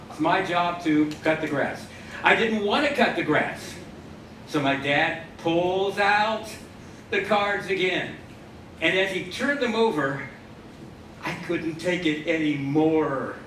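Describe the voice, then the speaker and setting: Slow and expressive, pausing often, a man with a fairly high and fairly bright voice tells a comic story during his magic show. He's a wry punster working the live crowd, and the recording comes from a distant mic in an echoey theater full of audience noise.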